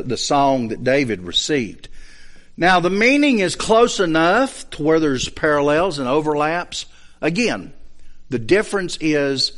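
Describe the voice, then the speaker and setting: A man teaching a Bible study lesson, explaining points step by step and checking in with his listeners. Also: medium pitch. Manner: explains slowly, checks understanding with asides.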